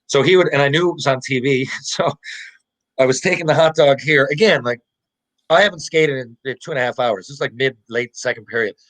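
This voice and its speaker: A man's voice: mid-range voice, fairly quick, fairly bright tone, poor audio. A man in his forties, a podcast guest and former hockey player, tells a rambling, profane anecdote full of laughs and restarts. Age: 40s. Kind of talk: casual storytelling.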